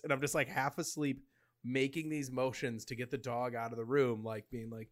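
A young man chatting casually, rambling and profane, with a middle-pitched voice. He tells his stories loosely and laughs often. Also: fairly quick. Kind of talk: casual chat.

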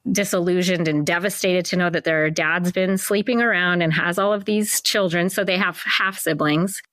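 A woman hosts a podcast with a fairly low-pitched voice. She speaks thoughtfully and reflectively, affirming her guest as she builds on the discussion. The recording is dry and close-miked. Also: fairly bright tone, no room sound. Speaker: podcast host. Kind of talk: casual conversation.

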